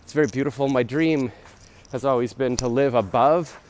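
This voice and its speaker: A man in his forties talks casually into a phone camera as he jogs along a city street, rambling and self-deprecating. His voice is middle-pitched. Faint street noise sits behind him. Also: normal speed, darkish tone. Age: 40s. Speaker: vlogger. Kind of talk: casual rambling vlog while jogging. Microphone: phone camera held while jogging.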